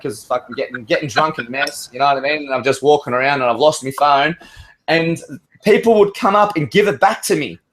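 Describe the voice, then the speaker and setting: A man's voice: medium pitch, a bit bright. A man on an open-mic call, telling a long, rambling story in casual chat and swearing freely. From Australia. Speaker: caller.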